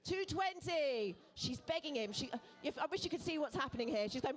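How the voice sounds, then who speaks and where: At a charity auction held in a pub event room, a woman with a high, bright voice calls each bid briskly. Her intonation is lively as she coaxes and teases the bidders with playful banter.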